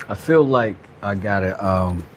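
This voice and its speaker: In this laid-back workshop vlog, the craft channel host, a dad, chatters playfully and cracks jokes as he gets on with the job. He speaks unhurriedly in a fairly low, animated voice, and there's slight background noise.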